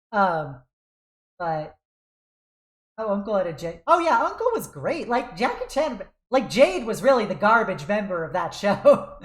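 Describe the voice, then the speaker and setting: A young woman streaming a game, chatting casually in a rambling way and laughing often. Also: medium pitch. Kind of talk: casual chat while gaming. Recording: roomy echo.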